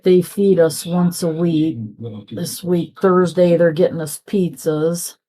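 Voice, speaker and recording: A middle-aged woman with a fairly low, dark voice chats casually while crafting, speaking slowly in a level tone. She's a crafting vlogger who rambles from one story to the next and acts out what people said.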